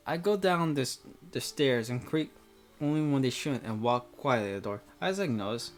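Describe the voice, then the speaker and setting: A man's voice: medium pitch, expressive, normal speed, faint music behind. A man reading a visual novel aloud with casual, rambling commentary full of fillers.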